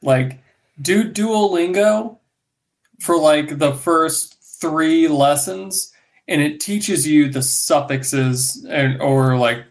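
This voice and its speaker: A man on a casual podcast, explaining things haltingly with many fillers. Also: on the high side. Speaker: podcast co-host. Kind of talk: casual chat.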